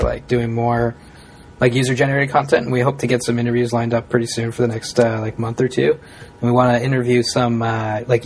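An easygoing man co-hosts a podcast in a loose, filler-heavy way, his voice at an ordinary middle pitch. A faint low rumble of noise sits behind him. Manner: easygoing, filler-heavy, laid-back slang. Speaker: podcast co-host. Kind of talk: casual podcast chat.

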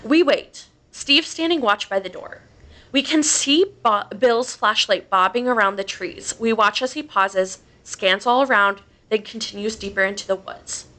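Bright-voiced woman reading a creepy tale. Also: mid-range voice, a little slow. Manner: casual, swears freely, laughs between lines. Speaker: podcast host. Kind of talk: reading a horror story aloud.

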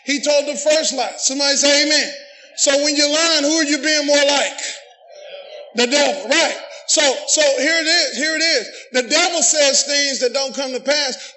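A middle-aged man preaches in a strikingly high voice. His tone is bright and forceful. He often rises to a shout and calls on the congregation to say amen. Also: low-quality recording. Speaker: pastor. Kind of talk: sermon.

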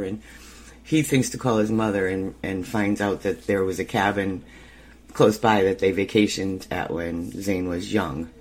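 A man recaps a TV episode in a casual, chatty way and laughs easily. His voice sits somewhat low. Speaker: podcast host.

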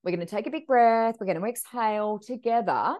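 A woman's voice: a little high, brisk. A woman who works as a medium, telling stories in a casual podcast chat and acting out the voices of people in them. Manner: animated, acts out quoted voices.

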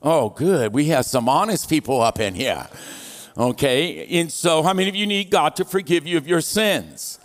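A man's voice: on the high side, animated, normal speed. A male pastor, preaching a sermon, leading his congregation in reading aloud together and slipping in playful jokes. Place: large church hall. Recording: long church hall reverb.

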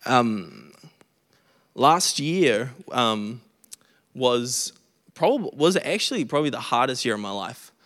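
A man's voice: mid-range voice, big pitch swings, slow, long pauses, a bit bright, in a large hall. A man preaching a sermon, earnest, often stumbling and restarting as he stresses repeated phrases, a little short of breath. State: recovering from illness, short of breath.

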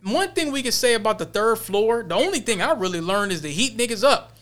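A young man with a high, bright, ringing voice tells a story in casual podcast talk. He throws himself into the tale and acts out other people's lines as he goes. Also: a little fast. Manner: animated storyteller, acts out quotes with laughter. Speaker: podcast co-host.

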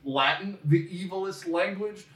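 A man co-hosting a casual movie podcast, talking in an animated way with quick asides and laughter. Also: high voice, roomy sound, far from the mic, poor audio. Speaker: podcast co-host. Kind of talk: casual chat about a movie.

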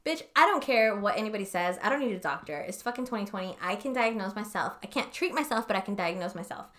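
A woman's voice: mid-range voice, expressive, quick pace, a bit bright. A young woman co-hosting a podcast in casual chat, rambling and swearing, often stopping to hunt for words. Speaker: podcast co-host.

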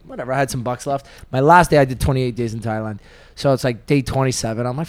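A man's voice: medium pitch, no room sound. A man hosting a podcast, telling a travel story in casual chat, swearing freely and throwing in jokes. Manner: rapid, swearing, joking asides. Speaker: podcast host.

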